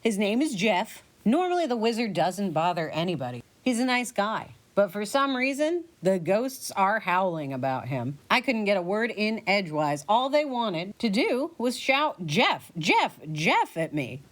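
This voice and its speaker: A woman's voice: medium pitch, big pitch swings, measured pace, few pauses. A woman voicing a chatty young female inn worker describing the ghosts. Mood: earnest.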